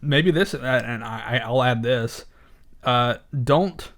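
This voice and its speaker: A man co-hosting a podcast in casual chat, speaking haltingly with many uhs and restarts. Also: medium pitch, a bit bright. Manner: hesitant, halting delivery with frequent uhs. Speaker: podcast co-host.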